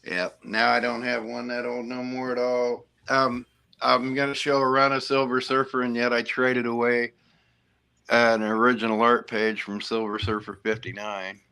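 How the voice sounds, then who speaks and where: Bright-voiced man showing comics. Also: mid-range voice, little pitch movement, normal speed, vocal fry, clear, resonant tone. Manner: rambling, many restarts, playful teasing. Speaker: comic collector. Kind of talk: casual chat.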